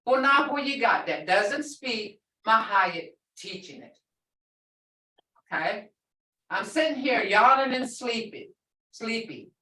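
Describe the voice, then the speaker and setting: A woman's voice: a little high, animated, slow, bright, forceful tone. A woman language teacher in a classroom lesson, explaining words patiently and repeating phrases. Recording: echoey room, voice from far off.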